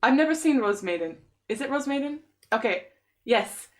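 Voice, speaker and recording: A young woman live-streamer, chatty and quick to laugh, spins stories and acts out what other people said. Her voice sits a little high. She talks in a relaxed, casual way. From San Diego, USA. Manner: chatty storytelling, laughs often, lively quoted dialogue. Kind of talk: casual chat.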